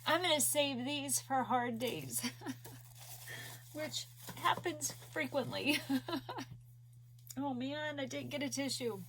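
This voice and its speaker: A woman crochet vlogger chatting casually to her viewers, emotional and teary, soft-spoken. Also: sits high, slow pace, long pauses, slight background noise. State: tearful. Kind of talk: casual video chat.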